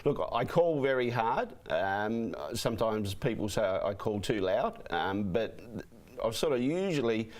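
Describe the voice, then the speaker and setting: Give me a hoarse man, a race caller telling chatty stories as a guest. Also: fairly low pitch, measured pace. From Australia. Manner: chatty, animated anecdotes with repeated "you know what I mean". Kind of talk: interview guest storytelling.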